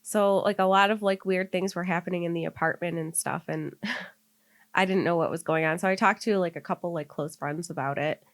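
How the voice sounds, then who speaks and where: A woman's voice: fairly low pitch, steady tone, normal speed. Rambling young woman telling a story. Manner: rambling, full of filler "like". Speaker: podcast co-host. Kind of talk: casual chat, telling a story.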